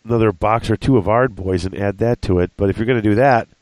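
A man with a lowish voice talks casually about his hobby, reasoning out loud and stopping to correct himself. The sound is dry and close, with no room echo. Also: fast. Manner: thinks aloud, corrects himself, works out prices.

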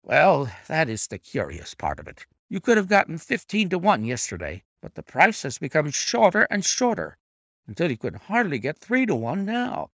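A man's voice: fairly high pitch, huge pitch swings, moderate pace, a bit bright, no room sound, studio quality, voice pushed up, heavily acted. A man voicing an angry, agitated old racehorse-owning colonel who blusters indignantly. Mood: puzzled.

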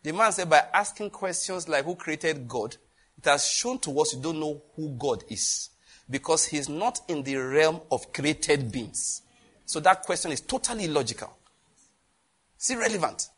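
A man preaching a sermon, lively, with laughter and questions thrown to the congregation. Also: on the high side, moderate pace, breathy edge. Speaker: pastor.

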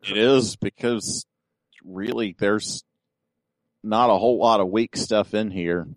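A man co-hosting a casual podcast chat, wry and joking, with a lively delivery. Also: slow pace, no echo. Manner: wry, joking, puts on a booming announcer voice at times. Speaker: podcast co-host.

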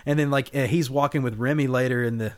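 A man's voice: mid-range voice, fast talker. A podcast co-host in casual film discussion, rambling and swearing as he acts out scenes. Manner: rambling, profane, animated retellings of scenes.

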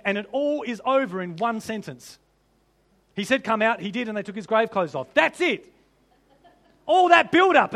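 A man preaching a sermon, animated and humorous, often laughing and piling up rhetorical questions. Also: sits high.

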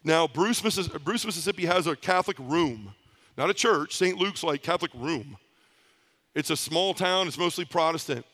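Man, high-pitched, earnest storyteller, personal testimony, conference talk. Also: lively intonation, moderate pace, a bit bright. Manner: heartfelt storytelling in the present tense. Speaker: conference speaker. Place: conference hall stage.

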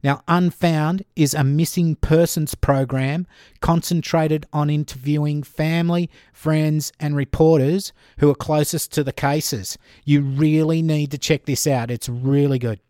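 A man hosting a podcast, chatting casually and rambling with dry, dark humor. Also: a little high, fairly even intonation, a little slow, no room sound. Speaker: podcast host.

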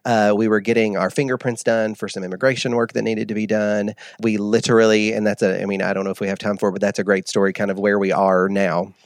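Guy guest, lowish voice, rambly animated storytelling, dry close mic. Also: quick pace, hardly any pauses, no room sound. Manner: animated storyteller, rambling restarts, laughs often. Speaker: interview guest. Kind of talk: casual chat.

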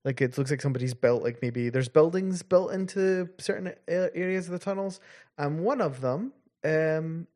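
A man running a tabletop game as game master, describing scenes in a halting way with many restarts. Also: a little high, darkish tone.

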